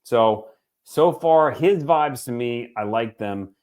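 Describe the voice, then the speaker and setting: Animated man in his forties ranting casually. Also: mid-range voice, slow pace. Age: 40s. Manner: animated, swearing, joking asides. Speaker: podcast co-host. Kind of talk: casual sports chat.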